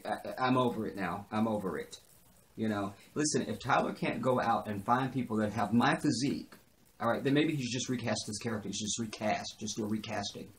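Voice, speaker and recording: A man's voice: fairly low pitch, a little fast, a little hiss or hum. A man casually recapping a TV episode, sarcastic and rambling, repeating his lines for comic effect and swearing now and then. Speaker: TV show reviewer.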